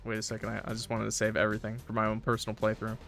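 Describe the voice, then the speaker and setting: A man's voice: lowish voice, monotone, very fast, creaky, fairly bright tone, soft background music. A man commenting casually on a game he is playing, rambling and interrupting himself. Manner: chatty, rambling, self-interrupting. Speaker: streamer.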